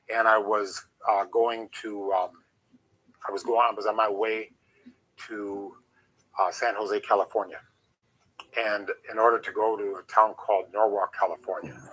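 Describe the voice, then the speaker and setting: Bright-voiced man telling rambling stories. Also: on the low side, rough recording. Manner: rambling, animated anecdotes with restarts. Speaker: interview guest, former wrestler. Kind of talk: casual storytelling.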